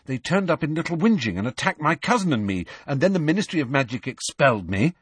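A man's voice: a little high, very animated, fast talker, husky, no room sound, voice pushed up. A man voicing a determined teenage schoolboy who persists and talks directly. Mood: persistent.

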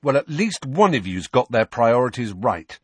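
A man putting on a cheeky teenage boy, pitched a little higher and full of swings between mock outrage and jokes. His tone is husky, and the sound is close and dry. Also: no room sound. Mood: teasing. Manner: teasing, brisk and lively.

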